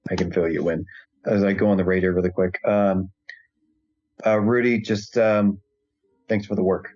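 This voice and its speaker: A man's voice: sits low, level tone, moderate pace, darkish tone. A man playing a character in a tabletop role-playing game, speaking earnestly in character. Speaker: player. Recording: muffled lo-fi audio.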